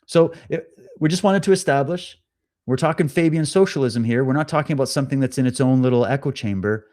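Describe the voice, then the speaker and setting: A man's voice: medium pitch, fast, darkish tone. Sarcastic man hosting a live stream. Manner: sarcastic, mocking asides. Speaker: livestream host. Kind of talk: casual live commentary.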